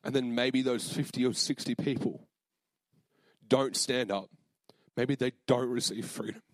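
A man's voice: medium pitch, steady tone, measured pace, no room sound. A young man preaching a sermon, telling a personal story in a casual, earnest way with many fillers and moments of emotion.

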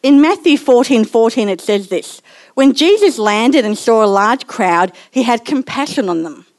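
A woman's voice: fairly high pitch, animated, moderate pace, darkish tone, dry recording. A woman giving a sermon in a personal, chatty way and laughing at herself now and then. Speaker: church speaker.

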